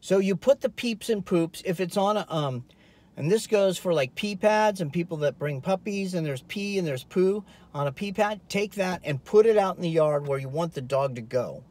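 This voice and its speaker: Animated high-voiced man giving dog advice. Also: moderate pace. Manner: animated, rambling, acts out scenes. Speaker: dog trainer. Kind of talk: casual talking-head vlog advice. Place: inside a car.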